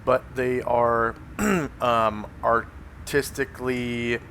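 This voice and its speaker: A man's voice: medium pitch, steady tone, very slow, a bit bright, a little hiss or hum. A man running a tabletop game as game master, speaking hesitantly with many fillers.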